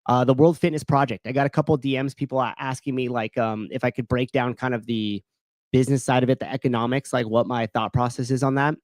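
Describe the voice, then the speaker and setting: A man's voice: mid-range voice, darkish tone, no room sound. A man hosting a live show, chatting loosely, rambling and stopping to answer viewers' comments. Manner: rambling, self-interrupting, reads live chat. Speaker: show host. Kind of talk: casual livestream chat. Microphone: desk mic.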